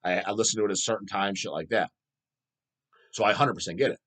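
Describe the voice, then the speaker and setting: A man's voice: lowish voice, quick pace. A middle-aged man hosting a metal channel, ranting profanely and answering viewer questions. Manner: profane, animated, mocks people in put-on voices.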